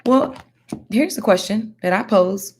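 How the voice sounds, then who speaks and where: A woman giving casual Bible teaching in a slangy, animated, preachy way. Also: medium pitch, measured pace, a little hiss or hum. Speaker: faith teacher.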